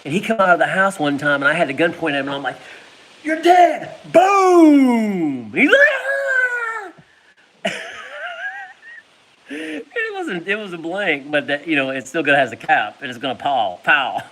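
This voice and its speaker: A man's voice: fairly high pitch, fast, few pauses, bright, forceful tone, a little hiss or hum, rough recording. A man telling a casual personal story, laughing often and making sound effects. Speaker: vlogger.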